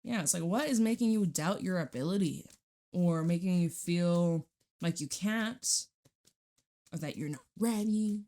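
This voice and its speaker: A woman's voice: lowish voice, a little slow, dark tone. Chatty, blunt woman reading tarot. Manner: chatty, blunt, swears and laughs often. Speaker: tarot reader. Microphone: studio microphone.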